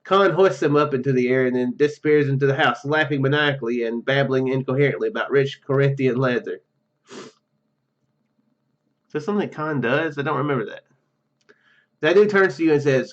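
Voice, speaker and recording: A man talks fairly quickly but pauses often, his voice medium in pitch, as he reads a text adventure's screen text aloud. It's casual let's play commentary with restarts, joking asides and ready laughs, recorded dull and muffled with faint game music.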